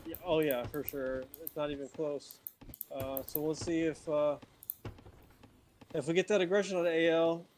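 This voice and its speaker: Man co-casting a strategy game, higher voice. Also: fairly even intonation, normal speed, pauses often, darkish tone, slight background noise. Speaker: co-commentator. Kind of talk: esports commentary.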